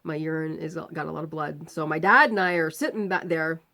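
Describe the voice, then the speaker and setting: A woman vlogger telling a personal story in a casual, animated way, acting out the quoted voices and laughing now and then. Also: low voice, a little fast, gravelly.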